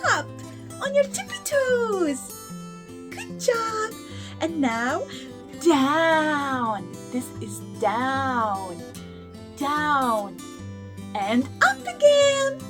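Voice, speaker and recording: A young woman hosting a toddler lesson, talking slowly in an exaggerated, sing-song, encouraging way. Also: extremely high pitch. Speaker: children's show host. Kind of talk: teaching toddlers through play.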